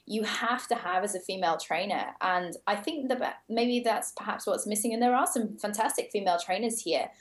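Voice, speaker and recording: A woman's voice: medium pitch, normal speed, hardly any pauses, reverberant. A woman in her thirties from the UK, with a British accent tinged with Australian, talking about her fitness work as an interview guest in an enthusiastic way. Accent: British with some Australian. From United Kingdom. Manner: enthusiastic, frequent fillers. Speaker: guest, personal trainer. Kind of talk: casual interview.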